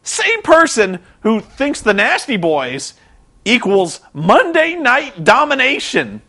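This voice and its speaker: A man's voice: extremely high pitch, huge pitch swings, slow, pushed and bright. Exasperated, sarcastic man vlogging. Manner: exasperated, sarcastic, rambling with restarts. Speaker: vlogger reviewing a wrestling show. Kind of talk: rambling commentary vlog.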